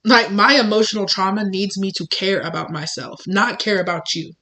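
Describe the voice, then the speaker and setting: A woman's voice: mid-range voice, normal speed, background noise. A young woman reading tarot for her channel, talking candidly and emphatically in a loose, chatty way full of "like" and "you know". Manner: candid, emphatic, uses fillers like "like". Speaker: tarot reader. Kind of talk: casual tarot reading monologue.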